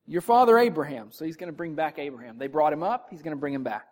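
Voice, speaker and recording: A Bible teacher working through scripture in front of a group, reading each verse aloud before explaining it. The delivery turns emphatic on key points, rising in pitch and volume. The speaker often turns to the listeners with direct questions. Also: expressive, fast.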